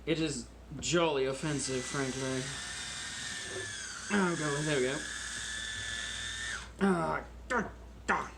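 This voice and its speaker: A man hosting a casual wine-tasting vlog at home in a deliberately put-on British accent, joking and rambling about himself while recording on a phone. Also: fairly high pitch, gravelly, heavy background noise. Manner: jokey, rambling and self-mocking.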